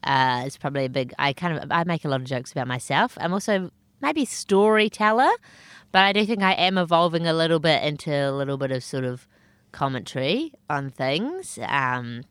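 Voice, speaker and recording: A young woman comedian with a squeaky, nasal voice, chatting casually and self-deprecatingly in an interview, laughing often. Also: lively intonation, normal speed, a bit bright, clear, resonant tone, no echo. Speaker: comedian guest.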